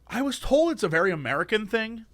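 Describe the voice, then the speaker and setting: Male podcast co-host, high bright voice, animated ranting storyteller. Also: quick pace, dry recording. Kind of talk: casual chat.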